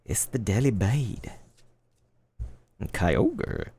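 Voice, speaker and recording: A man in his thirties chatting casually while opening trading cards live, laid-back and quick to get excited. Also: lowish voice, husky. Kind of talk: live card-opening stream chat.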